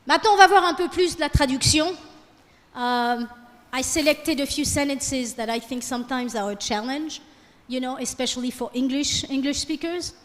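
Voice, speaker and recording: A woman with a high-pitched voice teaches a French class at a moderate pace, recorded with long hall reverb. She moves between English and French and prompts the students with questions.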